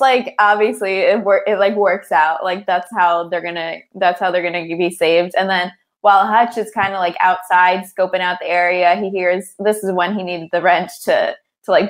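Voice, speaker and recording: Chatty young woman co-hosting a podcast. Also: on the low side. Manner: chatty and giggly, many fillers. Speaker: podcast co-host. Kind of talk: casual movie recap chat.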